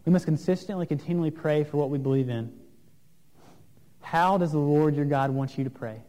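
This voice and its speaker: Guy preaching in church, slightly high voice, earnest, lots of questions, reverby hall. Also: mellow. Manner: earnest, questioning, with pauses and fillers. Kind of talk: sermon. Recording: long reverb of a large room.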